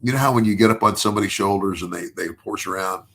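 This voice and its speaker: Racing along in a gravelly, lowish, fairly bright voice, an older man on a podcast spins a long, rambling story full of restarts, repeated words and chuckles. A faint hiss or hum sits under the recording.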